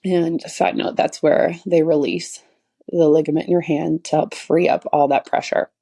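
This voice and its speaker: A woman with a low, husky voice talks through a casual solo podcast episode. She rambles from story to story, often laughing and acting out what people said. Her tone is mellow and relaxed. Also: normal speed. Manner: rambling storytelling with frequent laughs and acted quotes. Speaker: podcast host and chiropractor.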